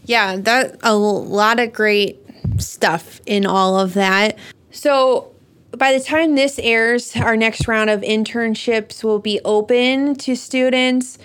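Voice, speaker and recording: A woman's voice: on the high side, fairly even intonation, slow, a bit bright, smooth. Woman host asking interview questions.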